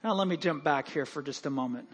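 A man preaching to his congregation as pastor, telling joking stories in an animated way. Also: on the high side, quick pace, slightly rough. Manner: animated, joking, lively storytelling with acted-out quotes. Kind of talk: sermon. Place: church sanctuary.

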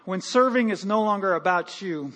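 Pastor, male, high voice, animated and humorous sermon delivery. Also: normal speed. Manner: animated, joking, lively storytelling with acted-out quotes. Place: church sanctuary.

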